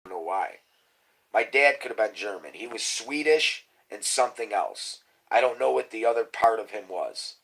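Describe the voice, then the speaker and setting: Rambling, profane man, low voice. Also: lively intonation, normal speed, slightly rough, poor audio. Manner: rambling, profane, conspiratorial, mumbles off into quiet asides. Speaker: livestream host. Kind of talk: rambling casual livestream talk.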